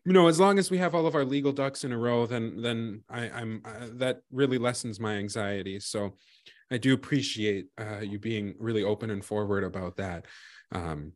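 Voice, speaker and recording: A man's voice: fairly low pitch, normal speed. A man playing a shy, anxious young child who hesitates with many ums and trails off. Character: nervous awkward young child, shy with strangers.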